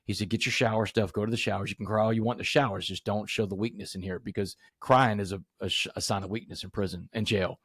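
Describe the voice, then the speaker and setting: A man's voice: fairly low pitch, fairly even intonation, fast talker, few pauses, a bit bright, slightly rough, dry recording, studio quality. A middle-aged man from Southeast Texas, a podcast guest telling a vivid personal story in earnest, full of quoted dialogue.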